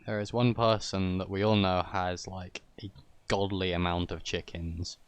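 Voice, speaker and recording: Chatty low-voiced male game streamer. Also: little pitch movement, measured pace, clear, resonant tone. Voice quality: chatty, teasing, swears offhandedly. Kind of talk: casual live game-stream commentary.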